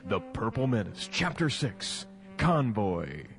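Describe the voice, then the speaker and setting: Male announcer, lively, hammy serial voice over music. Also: on the low side, takes it slowly. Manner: theatrical, punning. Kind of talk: mock-dramatic serial announcing.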